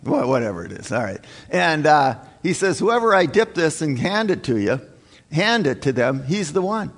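A man preaching a sermon in a folksy, halting way, reading scripture and restarting his sentences often. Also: fairly high pitch, big pitch swings, slightly rough. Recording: long hall reverb.

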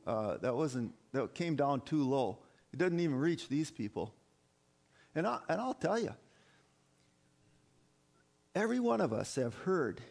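Emphatic male preacher, slightly high voice. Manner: emphatic, repeats phrases, addresses the congregation as folks. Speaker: pastor. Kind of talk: sermon.

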